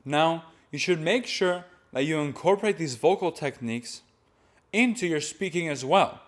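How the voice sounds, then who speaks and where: A man's voice: on the high side, normal speed. A man teaching voice technique, explaining each step plainly and demonstrating sounds between his explanations. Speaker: voice and chant teacher. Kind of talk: vocal technique lesson.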